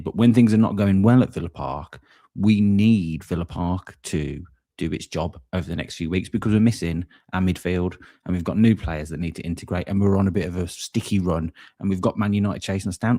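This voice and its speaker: A man's voice: sits low, warm tone. A man co-hosting a live fan chat, talking in an earnest, rallying way over a beer. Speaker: fan channel co-host.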